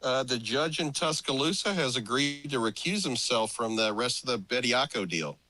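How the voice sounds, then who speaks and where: A man's voice: mid-range voice, animated, moderate pace, pushed and bright, no echo, rough recording. A man co-hosting sports talk radio while sick with the flu, self-deprecating. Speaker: radio co-host. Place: radio studio.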